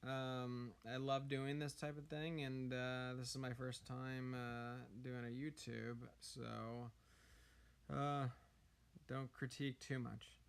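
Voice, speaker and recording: A hoarse man giving casual game tips, hesitant, with many ums and uhs. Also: mid-range voice, level tone, slow. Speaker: gaming YouTuber.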